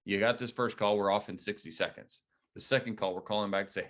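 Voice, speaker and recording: A man leading a real estate agent training, coaching in a direct, energetic way. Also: fairly low pitch, fast. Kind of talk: training debrief talk.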